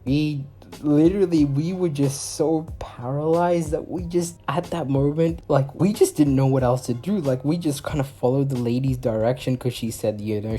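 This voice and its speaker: This mellow, mid-range voice belongs to a young male vlogger doing a storytime video. He rambles through the tale, leaning heavily on fillers in a casual way.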